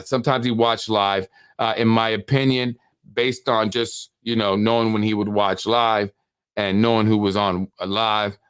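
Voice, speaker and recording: A man's voice: on the low side, smooth. A man hosting a political podcast, talking casually and reading text messages aloud, with frequent restarts. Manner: conversational, repeats words and restarts, reads messages aloud. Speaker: podcast host.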